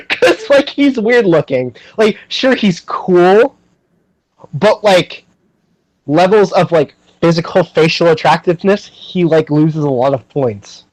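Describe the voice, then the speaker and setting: A man's voice: high voice, animated, slow, no room sound, low-quality recording. A young man hosting a podcast, chatting casually and animatedly, with lots of fillers and frequent laughter. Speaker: podcast host.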